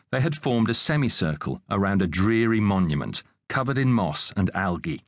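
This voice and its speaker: Expressive male audiobook narrator. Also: fairly low pitch, no room sound, studio quality. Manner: measured, expressive reading.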